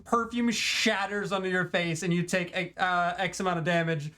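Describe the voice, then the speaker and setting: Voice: medium pitch, fairly even intonation, normal speed, bright, forceful tone, slight background noise. A game master narrating a tabletop game, describing damage with laughs.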